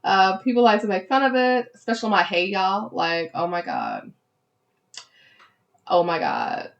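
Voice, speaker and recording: A woman with a Southern Louisiana accent hosts a podcast, chatting casually and with animation and saying "y'all" a lot. Her mid-range voice is creaky, her pace normal, and the audio sounds dull.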